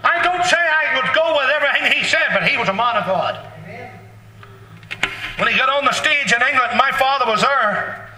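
A man preaching a sermon in a fervent, blunt and folksy way, bursting into shouts. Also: very high-pitched, lively intonation, normal speed. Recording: echoey hall, distant mic.

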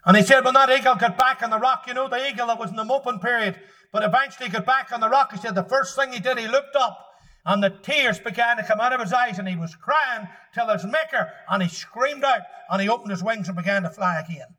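A man preaching a sermon in a fervent, emphatic way, building at times to shouts. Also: extremely high pitch, fast, poor audio.

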